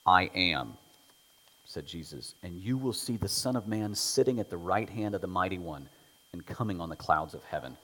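Animated man preaching in a reverberant hall. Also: deep voice, fairly quick, slightly rough. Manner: animated storytelling, acts out quotes, drops to whispers. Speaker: pastor. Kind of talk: sermon.

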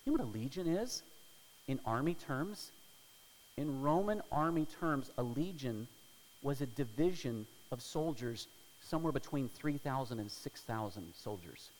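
A male pastor preaching a sermon, swinging between loud dramatic storytelling and hushed prayer. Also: medium pitch, expressive, moderate pace, long reverb tail, slight background noise, low-quality recording.

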